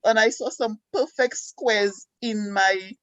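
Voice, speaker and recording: A woman from Saint Lucia with a Saint Lucian accent, calling in and telling her story in an excited, chatty way with lots of fillers. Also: medium pitch, slow, no echo, rough recording. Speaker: caller. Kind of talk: casual call-in chat.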